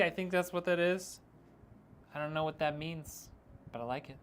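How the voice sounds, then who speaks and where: A man's voice: fairly high pitch, steady tone, normal speed, clean tone. A man streaming a PC build, chatting casually and teasing viewers as he reads their messages, with frequent laughs. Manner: joking, teasing, laughs often.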